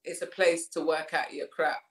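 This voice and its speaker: A woman's voice: low voice, level tone, normal speed, fairly bright tone. Candid married woman in a roomy space. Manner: candid, laughing, repeats phrases. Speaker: podcast guest. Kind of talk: casual conversation. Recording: roomy echo.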